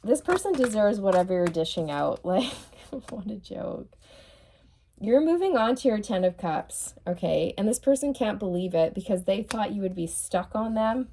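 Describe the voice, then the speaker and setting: A woman's voice: medium pitch, expressive, normal speed, few pauses, dark tone, slight background noise. A woman giving a tarot reading in a blunt, mocking way, laughing often and checking in with "okay?". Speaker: tarot reader.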